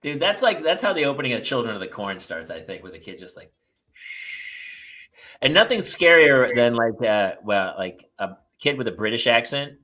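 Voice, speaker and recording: Lively joking man host. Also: mid-range voice, moderate pace. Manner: animated, jokey, jumps into silly voices. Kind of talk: casual comedic chat.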